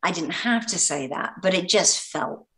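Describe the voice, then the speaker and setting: English woman, low voice, interview guest, hesitant, repeats words, laughs. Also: lively intonation, moderate pace, fairly bright tone. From Britain. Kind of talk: anecdotal interview talk.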